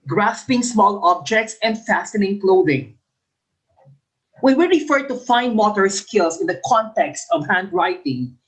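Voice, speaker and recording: A woman's voice: medium pitch, poor audio. Female teacher, exam review lesson; reads options, explains, repeats answers, demonstrates intonation. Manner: models example sentences with exaggerated intonation.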